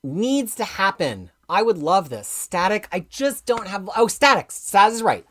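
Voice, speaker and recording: A woman hosting a live comics stream, talking with passion and reading viewer comments aloud, going from quiet asides to loud, emphatic outbursts. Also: medium pitch. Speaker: comics livestream host.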